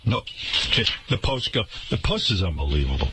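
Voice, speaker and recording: Through heavy background noise, a male radio host in the studio rants about the management of his workplace at a moderate pace. His monologue is indignant and sarcastic, marked by big pitch swings.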